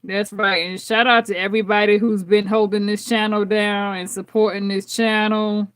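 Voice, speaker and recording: A woman's voice: medium pitch, level tone, normal speed, a bit bright. A woman hosting a tarot live stream, chatting heartfelt and casual with her viewers, laughing often and repeating herself.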